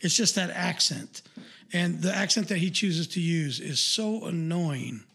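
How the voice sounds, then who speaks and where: A man's voice: on the high side, measured pace, vocal fry, fairly bright tone, breathy edge. A man co-hosting a podcast in casual live-stream chat, rambling bluntly with lots of fillers and swearing. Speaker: podcast co-host.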